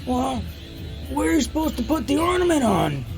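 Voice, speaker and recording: A man voicing an old woman who is baffled by a flat TV, quoted in a high, incredulous tone. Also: normal speed, creaky, soft background music, heavily acted.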